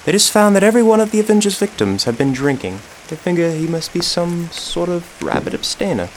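A hearty husband: chatty and cheerful, lively pitch, old radio drama style. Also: male voice, fairly quick, slight background noise. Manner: hearty and chatty, calls his wife old girl. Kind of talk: 1940s radio acting.

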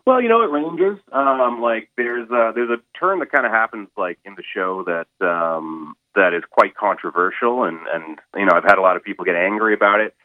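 A man being interviewed as a guest performer, speaking haltingly with many fillers and restarts. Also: fairly low pitch, no echo. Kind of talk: casual interview over the phone. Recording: tinny phone line.

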